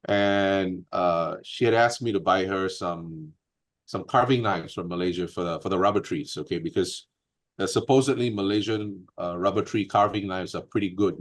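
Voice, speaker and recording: A man as an interview guest, telling a personal story in an earnest, aggrieved way, full of fillers and restarts. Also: sits low.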